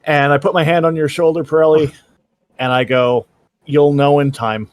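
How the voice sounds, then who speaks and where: A man playing a tabletop game, halting as he describes his character's actions. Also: fairly high pitch, steady tone, no echo. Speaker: player. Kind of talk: tabletop role-play chat.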